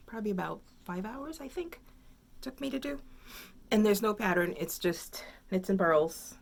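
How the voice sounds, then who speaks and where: A woman with a slightly low voice talks through her crafts from home in a loose, rambling way. She thinks aloud as she goes and fills the gaps with ums. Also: a little mellow. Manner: rambling, chatty, thinks aloud with many fillers. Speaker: crafting podcast host. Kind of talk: casual chat.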